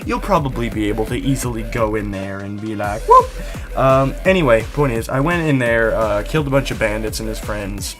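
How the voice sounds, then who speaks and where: A man's voice: on the low side, fairly quick, hardly any pauses, soft background music. Goofy rambling young man recapping a game. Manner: goofy, rambling, jumps between whispers and squeals. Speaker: gaming channel host. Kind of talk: casual video game recap.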